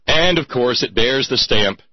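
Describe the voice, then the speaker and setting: A man's voice: mid-range voice, lively intonation, unhurried, husky, no echo, highs cut off. A man delivering a sarcastic, mocking commentary monologue with theatrical emphasis.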